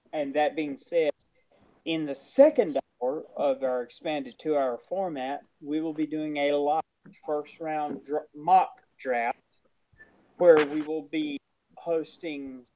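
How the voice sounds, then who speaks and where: A man co-hosting a relaxed sports podcast, a bit higher-pitched than most men. He runs through the plans for the next show and jokes at his own expense. The recording sounds muffled and lo-fi. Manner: announces show details, self-mocking. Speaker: podcast co-host. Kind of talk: casual podcast chat. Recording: dull lo-fi sound.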